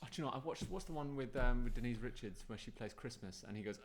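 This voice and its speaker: A young man, co-hosting a casual chat and jumping in eagerly with quick remarks. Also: medium pitch, slight background noise. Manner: quick, chatty, eager to jump in. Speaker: podcast co-host.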